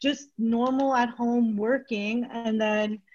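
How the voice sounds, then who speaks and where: A woman co-hosting a podcast, talking candidly in casual chat, often pausing on "um". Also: a little high, fairly even intonation, a little mellow. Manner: candid, lots of "um" fillers. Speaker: podcast co-host. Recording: dull lo-fi podcast recording.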